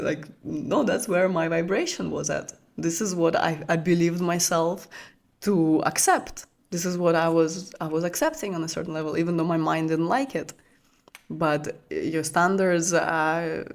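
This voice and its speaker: A woman with a Russian mother tongue speaks as a spiritual coach in an intimate teaching talk. Her delivery is soft and flowing, full of restarts and repeated words. She often lowers her voice to a hush, almost a whisper.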